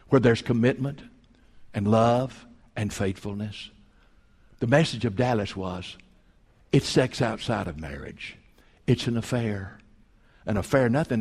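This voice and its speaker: A man preaching a sermon as pastor, telling folksy stories and swinging between loud and hushed. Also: mid-range voice, breathy edge, long reverb tail. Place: church sanctuary.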